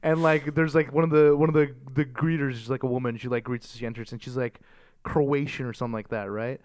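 A man's voice: medium pitch, fairly even intonation, fast, a little mellow, smooth. A young man co-hosting a casual podcast, playful and teasing as he asks questions. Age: young adult. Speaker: podcast co-host.

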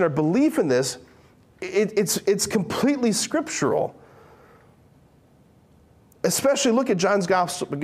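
A man preaching a conversational sermon. He reads scripture slowly and dramatically, then breaks into casual asides and quick questions to the listeners. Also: sits high.

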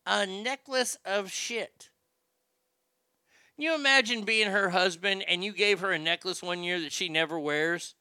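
Man, comedy host, profane news riffing, high voice, crisp tone. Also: a little fast, few pauses, sharp tone, dry recording, clean studio sound.

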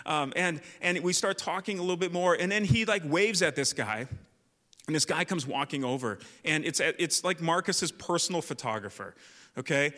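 A man, a youth pastor, telling a lively personal story in a sermon, with lots of likes and restarts. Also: on the high side, moderate pace. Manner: animated storyteller, many fillers. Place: church hall. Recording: long church reverb.

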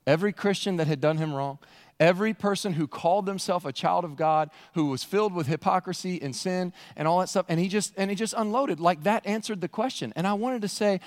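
A man's voice: high voice, brisk. A man preaching a sermon, talking conversationally and repeating words as he presses a point. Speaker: pastor. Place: church sanctuary. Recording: long hall reverb in church.

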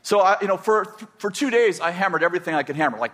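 A man's voice: on the high side, rapid-fire, a bit bright. An older man from California telling a personal story in a rambling way, with many restarts and chuckles. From California, USA.

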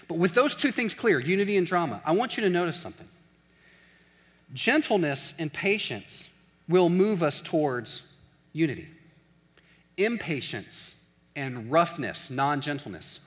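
A man with a bright, somewhat high voice gives a casual sermon as a college pastor. He talks in a loose, animated way, acting out quick everyday scenes and dropping "like" often. His voice rings with the long reverb of a large hall. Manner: animated, acts out little scenes in quoted voices, says "like" often.

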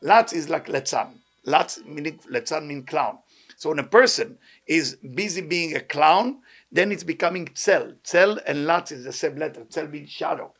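A man with a non-native English accent gives a Torah lesson at a brisk clip. His voice sits a little high, and his sentences tumble out quickly. He is fervent, full of rhetorical questions, and rattles off Hebrew text readings. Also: lively intonation, fairly bright tone. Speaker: rabbi teaching a weekly lesson.

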